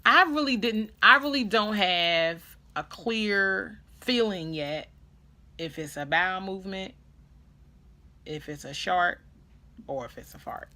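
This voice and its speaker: Bright-voiced woman vlogger telling a story. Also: medium pitch, takes it slowly. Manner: animated, dramatic retelling with quoted voices. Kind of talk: casual storytelling vlog.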